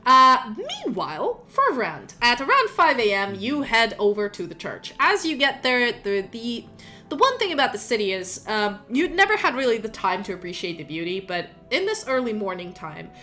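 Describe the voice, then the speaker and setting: Woman game master, slightly high voice, loose rambling narration. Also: sing-song, normal speed, pushed and bright, faint music behind. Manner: rambling, filler-heavy, laughing asides.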